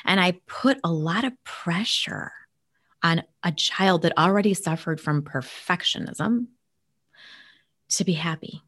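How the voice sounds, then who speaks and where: A woman's voice: lowish voice, unhurried, a bit bright. A woman telling a personal family story in casual conversation, earnest, sometimes dropping to a near-whisper. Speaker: guest sharing a family story.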